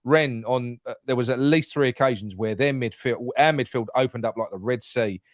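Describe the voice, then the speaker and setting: A man's voice: mid-range voice, fairly quick, no room sound. A man with a London accent hosts a casual football phone-in. His voice sits mid-range and sounds dry and close. He talks loosely, swears freely and often restarts his sentences. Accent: London English. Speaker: phone-in host. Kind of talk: casual fan phone-in chat.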